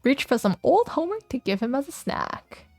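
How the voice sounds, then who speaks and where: A woman's voice: sits high, big pitch swings, normal speed, vocal fry, darkish tone, dry recording, faint music behind. A young woman streaming a game, chatting playfully and reading its text aloud, giggling often.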